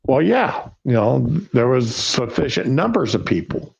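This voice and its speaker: Slow-talking folksy male host. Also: medium pitch, sing-song, creaky, muffled recording, slight background noise. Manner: folksy, poses and answers his own questions. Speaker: livestream show host. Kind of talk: casual political chat.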